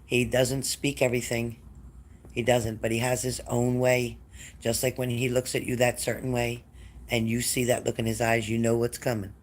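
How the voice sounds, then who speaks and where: Man, psychic reader, live stream, emotional, addresses viewers by name, middle pitch. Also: level tone, moderate pace, slight background noise. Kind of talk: live-stream spirit reading.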